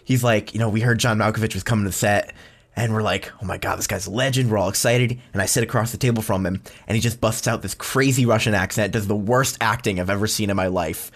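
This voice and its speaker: A man's voice: on the low side, quick pace. A man co-hosting a casual podcast, telling anecdotes and laughing along. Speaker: podcast co-host. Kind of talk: casual chat.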